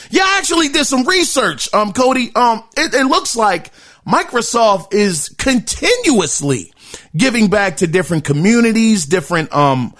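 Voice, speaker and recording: Animated, excitable male podcast host. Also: sits high, normal speed. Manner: animated, excitable, repeats words and laughs often. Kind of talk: casual podcast talk, reading listener email.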